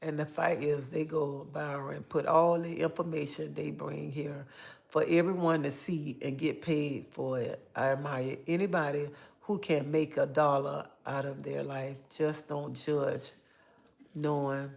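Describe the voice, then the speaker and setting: A woman's voice: sits low, level tone, a little slow, vocal fry, a little mellow. A middle-aged grandmother hosting a casual livestream, talking emphatically to her viewers, often repeating herself and calling them honey. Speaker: livestream host.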